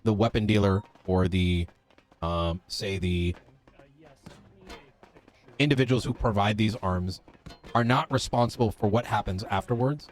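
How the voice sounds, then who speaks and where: A man's voice: lowish voice, unhurried, pauses often. A man playing a police officer in a roleplay game, talking in character in an earnest, lecturing way, stopping often with fillers.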